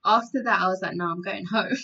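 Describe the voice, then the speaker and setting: A woman's voice: mid-range voice, brisk, creaky, highs cut off, a crowd in the background. A woman hosting a casual chat, giggling as she tells stories and acts out what people said.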